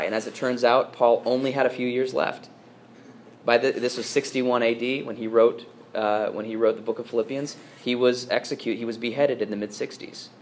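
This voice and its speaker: A man's voice: medium pitch, a little fast, a little hiss or hum. A priest delivering a sermon to his congregation, earnest and emphatic, with frequent fillers and restarts.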